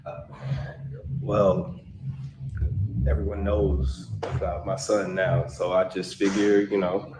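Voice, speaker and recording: Man playing a cagey divorce client, very deep voice, stalls and hedges, roomy echo. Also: fairly even intonation, slow pace, long pauses, background noise. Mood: hesitant. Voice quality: hesitant, full of ums and uhs. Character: evasive man meeting his divorce lawyer. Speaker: divorce client in a web skit.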